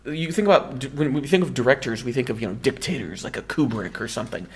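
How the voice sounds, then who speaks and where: A man's voice: mid-range voice, fast talker, husky. A man co-hosting a film podcast, chatting casually and explaining film history at length. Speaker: podcast co-host.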